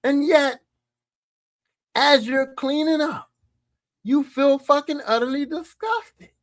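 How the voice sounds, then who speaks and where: A man hosting a podcast, telling crude stories in a profane, animated way, often laughing. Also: extremely high pitch, slow, no echo. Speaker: podcast host. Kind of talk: crude casual monologue.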